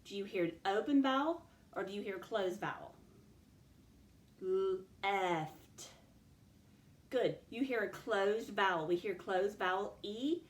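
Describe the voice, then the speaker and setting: A woman teacher leads young pupils through a phonics lesson, sounding out words slowly and stretching them. Her voice is mid-range and the sound is roomy.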